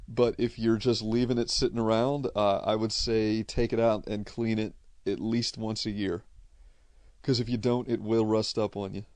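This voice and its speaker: A man's voice: on the low side, level tone, moderate pace, darkish tone, no room sound. Blunt, swearing New England man. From Connecticut, USA. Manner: profane, blunt, rambling. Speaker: streamer answering viewer questions. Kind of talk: casual unscripted chat.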